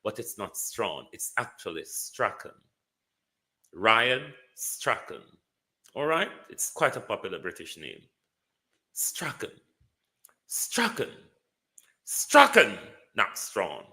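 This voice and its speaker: Slow, bright-voiced Jamaican man. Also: on the low side, big pitch swings. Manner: banters and greets viewers by name. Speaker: live stream host. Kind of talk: casual political commentary.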